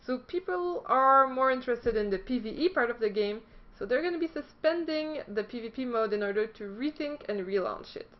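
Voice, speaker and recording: A chatty woman hosts a casual news vlog with a high, light voice. She reads her notes aloud, stumbling and joking at her own expense. The recording is dull and lo-fi. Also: animated, fairly quick. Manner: chatty and self-deprecating, stumbles while reading. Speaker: esports news host.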